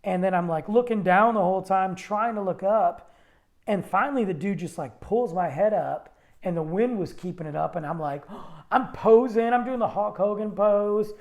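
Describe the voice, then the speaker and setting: A man hosting a podcast, telling a personal story in a rambling, animated way, often cutting himself off mid-sentence. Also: sits high, normal speed. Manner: rambling, animated, self-interrupting. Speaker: podcast host. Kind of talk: casual storytelling monologue.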